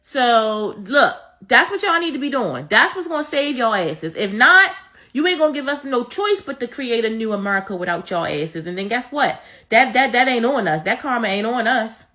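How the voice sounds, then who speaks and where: Bright, blunt, preachy woman ranting. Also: on the high side, expressive, normal speed. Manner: repetitive, emphatic. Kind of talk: ranting commentary.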